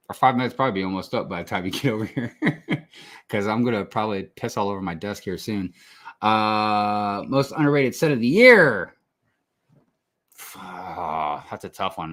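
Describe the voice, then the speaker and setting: A laid-back man with a somewhat low voice, guesting on a casual podcast. He rambles and hedges, correcting himself and swearing offhandedly. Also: a bit bright.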